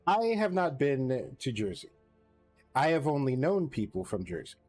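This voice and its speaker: A man's voice: mid-range voice, big pitch swings, normal speed, darkish tone, faint music behind. A man chatting casually as host, rambling with wry, hesitant asides. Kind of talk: casual chat.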